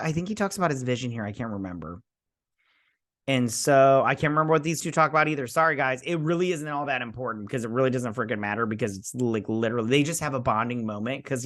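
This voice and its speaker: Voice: mid-range voice, fairly bright tone. A host giving a casual, sarcastic recap and review of a TV episode, rambling with many fillers.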